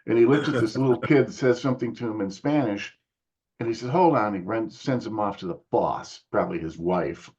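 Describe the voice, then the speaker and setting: Older man telling a lively story. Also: a little fast, husky, lo-fi sound. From United States. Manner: animated storyteller, acts out others' lines in higher voices. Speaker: musician guest. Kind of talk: casual storytelling interview.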